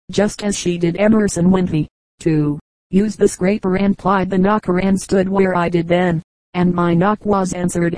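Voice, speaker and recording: Low, flat-voiced woman reading aloud. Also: dry recording, poor audio. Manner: measured, even reading. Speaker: audiobook reader. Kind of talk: scripted narration.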